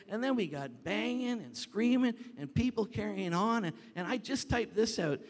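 Male pastor, lively storyteller with some shouting, slightly high voice, large reverberant sanctuary. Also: moderate pace, few pauses. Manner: animated storytelling, rising to shouts when reenacting. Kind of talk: sermon. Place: church sanctuary. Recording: long reverb of a large hall.

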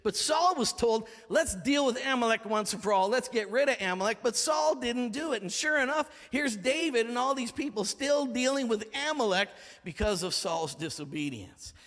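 Man, pastor, very high voice, dramatic sermon delivery, big reverberant hall. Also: expressive, moderate pace, few pauses. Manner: dramatic, swings from shouting to hushed.

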